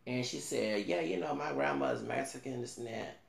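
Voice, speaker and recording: A man, a vlogger telling a rambling, animated story in casual talk and swearing now and then. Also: mid-range voice, moderate pace, gravelly, roomy sound.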